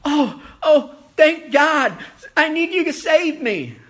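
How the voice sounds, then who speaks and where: A man's voice: very high-pitched, very animated, takes it slowly, voice pushed up, full character voice. A man acting out a panicked hiker hanging from a branch over a cliff, calling out desperately for help as part of a sermon joke. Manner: desperate, pleading shouts.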